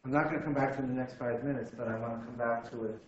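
Male lecturer, halting and repetitive, dull and roomy recording. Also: mid-range voice, fairly even intonation, a little hiss or hum. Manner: halting, repeats words, thinks aloud. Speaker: physics lecturer. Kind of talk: university lecture. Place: lecture room. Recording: echoey room, slightly dull sound.

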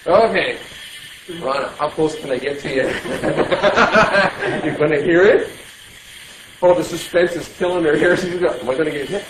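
A male physics teacher lecturing in a classroom, animated and playful, quizzing his students with quick jokes. His voice sits a little high and rings through an echoey room. A faint hiss runs under the recording. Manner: lively, joking, quizzes students.

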